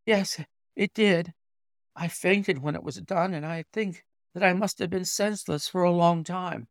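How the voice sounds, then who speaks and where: A man's voice: high voice, measured pace, gravelly, no echo, studio quality, voice pushed up. A man voicing a young male engineer, wounded and shaken, in a strained, breathless voice. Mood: weary.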